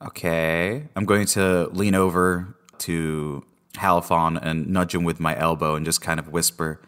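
A man's voice: sits low, steady tone, a little slow, a bit bright, smooth. A man playing a tabletop game in a playful way, laughing often. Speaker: player. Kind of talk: casual tabletop game play.

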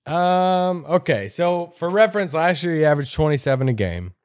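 A man's voice: on the high side, expressive, moderate pace, darkish tone, smooth, dry recording. A man co-hosting a podcast, chatting about basketball picks in a dry, sarcastic, laid-back way. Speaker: podcast co-host. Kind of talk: casual sports chat.

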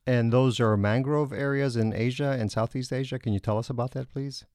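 A man's voice: medium pitch, fairly even intonation, fairly quick, darkish tone, no room sound, studio quality. A man hosting an interview who asks polite questions to prompt his guest. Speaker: interview host.

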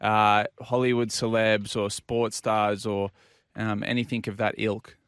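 A man co-hosting a casual radio chat, firing off brisk, joking questions. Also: fairly low pitch, flat delivery, fairly bright tone, clean tone, no room sound, clean studio sound. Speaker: radio co-host. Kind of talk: casual chat show interview.

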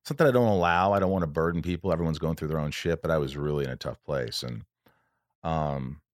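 A man's voice: very deep voice, no room sound, studio quality. A man hosting a podcast, telling a long emotional story in a rambling, casual way. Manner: emotional, rambling, does quick voices of friends. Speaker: podcast host. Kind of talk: casual chat.

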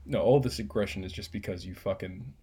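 Low husky dude, swears a lot, teasing his buddy on a podcast. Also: a little fast. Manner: profane, teasing, animated. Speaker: podcast co-host. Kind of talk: casual chat.

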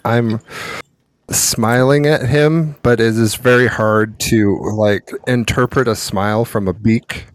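Young male player, mid pitch, dry close recording, polite and halting. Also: steady tone, no echo. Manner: polite, hesitant, many ums. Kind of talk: tabletop role-play in character.

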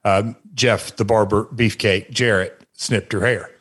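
A man co-hosting a podcast, telling old stories in a rambling, halting way with many fillers and restarts. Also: fairly low pitch, fairly even intonation, fairly bright tone, slightly rough. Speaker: podcast co-host, former wrestler. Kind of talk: casual storytelling chat.

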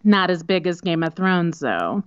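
Brief: woman co-host with a lively voice, wry and teasing, on a slightly muffled mic. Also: on the low side, a little slow, clean tone. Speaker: podcast co-host. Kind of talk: casual podcast chat.

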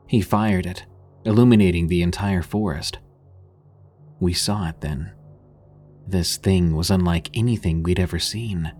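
Husky deep-voiced man narrating horror. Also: darkish tone. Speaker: story narrator. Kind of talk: scripted horror story narration.

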